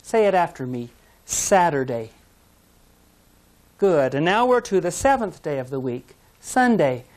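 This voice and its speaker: Woman teacher for a language course tape; unhurried, carefully paced, patient and encouraging. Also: fairly low pitch, darkish tone. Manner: patient, encouraging, models words slowly for repetition. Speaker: English teacher. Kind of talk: slow, clear pronunciation lesson. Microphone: studio mic, language course tape.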